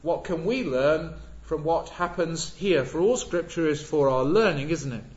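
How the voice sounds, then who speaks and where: A man preaching a sermon, measured and emphatic, leaning on repeated words. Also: on the high side, a little mellow. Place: church. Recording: echoey church, dull lo-fi sound.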